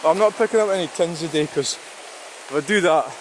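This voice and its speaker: A Scottish man rambles to his camera while walking outdoors, his voice slightly high for a man. He talks casually and swears now and then. A clear, rushing stream runs under everything he says. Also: noisy background. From Scotland. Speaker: vlogger. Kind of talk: casual walking vlog talk. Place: outdoors by a river and waterfall.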